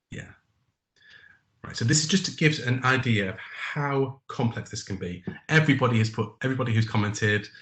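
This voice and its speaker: A man with a fairly low voice runs a live training webinar. He pauses with ums and reads answers from the chat aloud. The sound is roomy, with a noticeable echo. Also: fairly bright tone.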